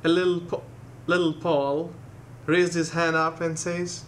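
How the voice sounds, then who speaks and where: A young man telling a long joke in a brisk storytelling way. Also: fairly high pitch, little pitch movement. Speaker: stand-up comedian.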